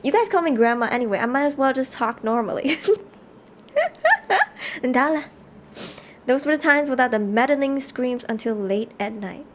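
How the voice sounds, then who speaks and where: A woman live-streaming a game, reading the story text aloud and chatting with viewers in an animated way. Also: sits high, normal speed, pauses often, a little hiss or hum. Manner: animated, chatty, reads narration aloud between chat replies.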